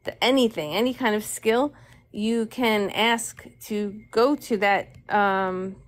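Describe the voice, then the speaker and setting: Female co-host guest with a mid-pitched voice, relaxed and agreeable in casual stream chat. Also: takes it slowly. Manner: relaxed, agreeable, shares things she heard.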